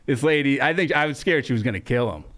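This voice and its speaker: A man co-hosting a casual comedy podcast, telling a story in an animated, lively voice. His pitch swings widely, and he jumps into shrill, high voices when he acts out other people's lines. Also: quick pace. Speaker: podcast co-host.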